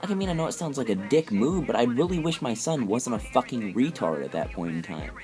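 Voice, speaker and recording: A man's voice: mid-range voice, big pitch swings, brisk, darkish tone, soft background music. A teenage boy ranting heatedly and profanely as he commentates over gameplay. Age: teens. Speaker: gaming commentator.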